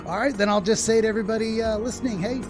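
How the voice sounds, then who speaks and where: Male podcast host, slightly high voice, rambling and chatty, laughs a lot. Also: steady tone, fast talker, music in the background. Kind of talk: casual interview chat.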